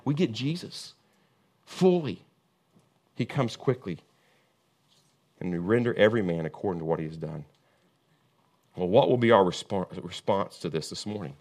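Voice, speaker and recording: A man's voice: animated, normal speed, pauses often. Impassioned man preaching a sermon. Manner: preaching with big swings from booming emphasis to hushed intensity; impassioned, repetitive cadence. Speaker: pastor.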